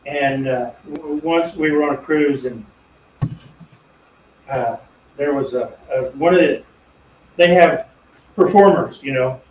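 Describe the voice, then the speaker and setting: A middle-aged man with a slightly high voice chats casually while working, drifting into rambling, self-deprecating stories. He sounds distant from the mic in an echoey home workshop. The audio is dull and muffled with a faint steady hum underneath. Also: slow pace, long pauses. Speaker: woodworking channel host.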